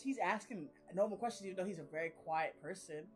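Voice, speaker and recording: A young adult woman talks through her reading in a loose, rambling way, full of slang and frequent laughter. Her voice sits at a middle pitch. Soft music plays faintly behind her. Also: very animated, brisk. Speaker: reading vlogger. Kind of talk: casual chat.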